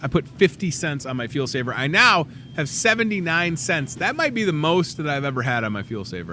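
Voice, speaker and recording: Lively, bright-voiced goofy talk-show man. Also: medium pitch, a little hiss or hum. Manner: goofy and chatty, jokes at himself. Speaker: host of a store talk show. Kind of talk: casual talk-show ad rundown.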